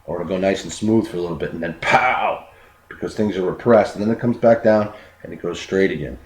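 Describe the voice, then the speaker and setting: Deep-voiced and brisk, a man talks earnestly and without a script about self-improvement, often circling back to repeat words and voicing quoted lines as if acting them. Faint noise and echo fill the room.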